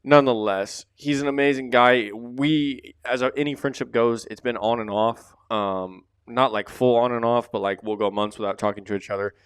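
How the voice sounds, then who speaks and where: A man's voice: mid-range voice, steady tone, normal speed, hardly any pauses, smooth, no echo. A man hosting his own podcast, talking loosely and rambling with casual fillers, close up to the microphone. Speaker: podcast host. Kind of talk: casual solo podcast talk.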